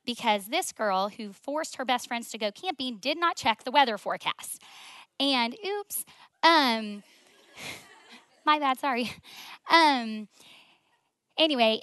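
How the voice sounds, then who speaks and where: A young woman tells her faith story to a gathering, her voice bright and a little high. She talks in a loose, emotional way with many "like" fillers, sometimes sinking to a hushed near whisper. The sound is dry and close. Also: no echo. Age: 20s. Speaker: speaker sharing testimony. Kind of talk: faith testimony talk.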